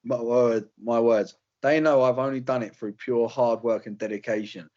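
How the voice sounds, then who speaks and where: A man's voice: mid-range voice, fairly even intonation, normal speed, darkish tone, muffled recording. A young British man, a fighter, chatting casually in an interview, rambling with slang and fillers. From Britain. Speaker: UFC fighter guest.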